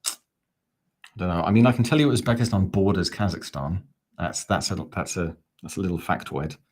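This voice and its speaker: A man's voice: sits low, fairly quick, darkish tone, breathy edge. A man hosting a live football fan watch-along, calling the play and chatting back to viewer comments. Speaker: fan channel host.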